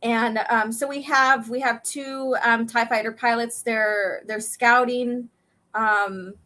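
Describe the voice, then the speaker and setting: A woman's voice: a little high, fairly even intonation, slow pace, bright, forceful tone. A woman hosting a casual chat, reading a comic aloud, chatty and giggly. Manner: giggly, chatty, reads dialogue in voices. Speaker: podcast host.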